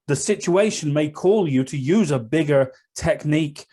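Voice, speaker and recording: A man's voice: fairly high pitch, lively intonation, normal speed, dark tone. A man co-hosting a casual podcast chat about martial arts, teasing his partner and rambling with many fillers. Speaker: podcast co-host.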